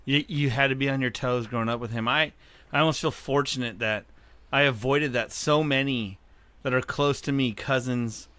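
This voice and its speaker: Male podcast host, bright forceful tone, easygoing joking banter. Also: mid-range voice, steady tone, normal speed, dry recording. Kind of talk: casual chat.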